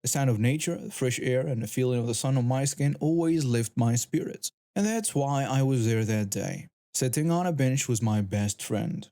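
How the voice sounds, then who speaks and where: Man with a dark, mellow narration voice. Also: mid-range voice, animated, moderate pace, hardly any pauses. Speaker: story narrator. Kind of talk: scripted first-person narration.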